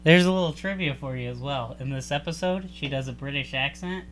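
A man's voice: medium pitch, brisk, fairly bright tone, a little hiss or hum. A young adult man co-hosting a casual chat, joking and teasing and laughing often. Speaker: podcast co-host.

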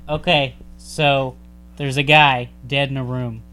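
A man's voice: mid-range voice, little pitch movement, slow pace, a loud crowd. A man co-hosting a casual chat, rambling and joking.

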